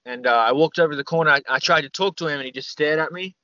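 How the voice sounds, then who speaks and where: A man's voice: fairly high pitch, racing, sharp tone, no room sound. A young man, a podcast guest, telling stories in a loose, rambling way, full of "like" and "man". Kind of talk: casual storytelling interview. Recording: slightly dull, dry recording.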